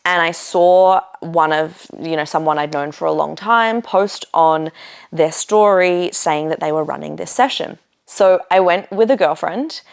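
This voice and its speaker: Woman, podcast host, low voice, relaxed personal storytelling, filler words, casual swearing. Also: measured pace, gravelly, clear, resonant tone. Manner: chatty, lots of filler "like" and "you know", swears casually.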